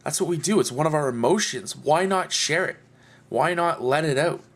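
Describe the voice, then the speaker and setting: A man's voice: a little high, moderate pace, fairly bright tone. A man talking earnestly and heartfelt to camera in a personal vlog. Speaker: video blogger.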